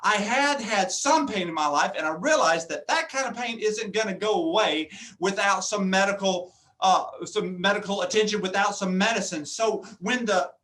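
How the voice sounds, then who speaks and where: A man speaking at a luncheon, telling a funny personal story and playing every part in it. His voice sits high for a man and carries a bright, forceful edge. He turns to the room with questions as he goes. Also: normal speed. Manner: comic, acts out dialogue, addresses audience. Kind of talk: humorous storytelling speech. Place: meeting before a live audience.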